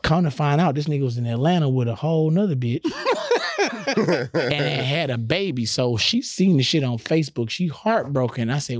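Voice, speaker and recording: A young adult man, a comedian guest, telling a slangy, animated story on a podcast. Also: fairly high pitch, moderate pace, no echo, studio quality. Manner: animated, slangy, acts out scenes.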